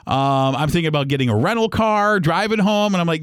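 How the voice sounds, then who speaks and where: A middle-aged man hosting a podcast, telling a travel story in a casual, animated, rambling way with many restarts. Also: a little high, fairly quick, smooth, no echo, studio quality. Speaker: podcast host.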